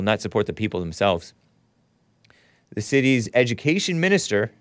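Male live-stream host, mid-pitched, mocking and opinionated, close dry mic. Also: no room sound. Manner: sarcastic, mocking, reads chat aloud.

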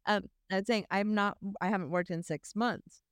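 A woman's voice: medium pitch, steady tone, moderate pace, clean tone, no room sound, studio quality. A woman hosting a podcast in casual conversation, talking openly and reflectively about herself. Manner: candid, self-reflective. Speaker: podcast host.

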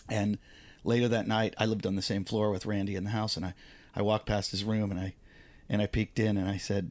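A man's voice: fairly low pitch, moderate pace. A man, a comedian, telling a casual story on a podcast, acting out quoted voices and swearing freely.

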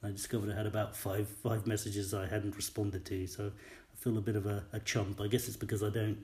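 A man with a low, mellow voice leaves a rambling, apologetic voice message. He wanders off on tangents and reins himself in. The room around him echoes noticeably. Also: flat delivery, a little fast. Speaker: caller leaving a voice message. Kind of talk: casual voice message.

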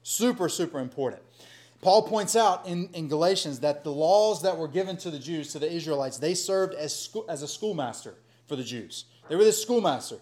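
Animated man preaching. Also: fairly high pitch, moderate pace. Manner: conversational, animated preaching with folksy asides. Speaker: pastor. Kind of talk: sermon.

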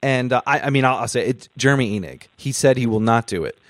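A man hosting a podcast interview, talking earnestly in a halting way and repeating himself as he works out a point. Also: mid-range voice, animated, dry recording. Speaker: podcast host.

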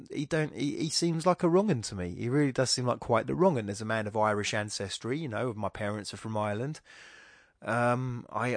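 A man's voice: mid-range voice, no room sound, studio quality. A middle-aged man hosting a podcast, talking casually in a rambling, self-interrupting way with wry asides. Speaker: podcast host. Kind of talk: casual monologue.

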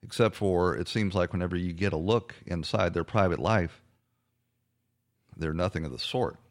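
A man's voice: low-pitched, moderate pace. A man hosting a political talk show, giving indignant commentary with many hesitations and fillers. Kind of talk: conservative radio talk commentary.

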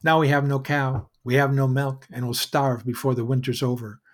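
A man's voice: medium pitch, little pitch movement, moderate pace, natural voice. A man doing a scolding exasperated mother. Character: angry exasperated mother, poor single parent.

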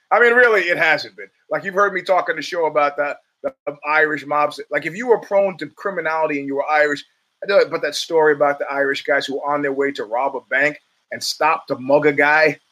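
Animated, rambling male podcast host. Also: a little high, brisk. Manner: rambling and animated, with many restarts and stammers. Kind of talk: casual monologue.

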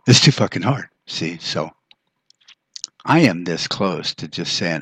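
A deep-voiced American man rants in a blunt, frustrated podcast monologue, swearing freely. His voice is husky and low. The sound is dry and close, with no room around it. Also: lively intonation, a little slow, pauses often, no room sound. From United States. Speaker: podcast host. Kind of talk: profane ranting monologue.

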